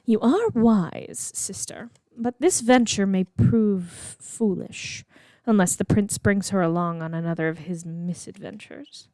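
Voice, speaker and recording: A woman voicing a scheming noblewoman sorceress, speaking slowly in a hushed, half-whispered way. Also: medium pitch, no room sound, close to an everyday voice. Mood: cold.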